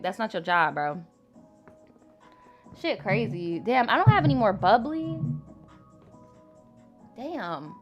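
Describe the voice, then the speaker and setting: A woman's voice: mid-range voice, fairly bright tone. A young woman hosting a live advice stream, talking bluntly and animatedly with plenty of swearing. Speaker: live advice show host.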